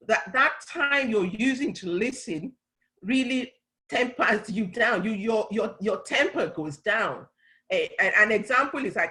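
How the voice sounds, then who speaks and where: A woman's voice: mid-range voice, bright, forceful tone, rough recording. A middle-aged woman speaking on a church talk panel, earnestly explaining and often restarting her phrases. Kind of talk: conversational teaching talk.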